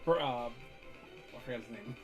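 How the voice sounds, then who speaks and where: A man co-hosting a casual livestream who chimes in with short, halting remarks. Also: mid-range voice, over music. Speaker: co-host.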